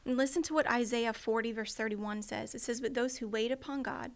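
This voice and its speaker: A woman's voice: a little high, brisk. A woman co-pastor preaching earnestly, repeating her phrases. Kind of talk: sermon.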